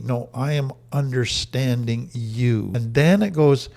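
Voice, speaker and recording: Gravelly-voiced man teaching earnestly. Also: medium pitch, unhurried, hardly any pauses, darkish tone. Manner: earnest, emphatic, repeats key phrases. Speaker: trauma recovery teacher. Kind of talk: teaching talk to camera.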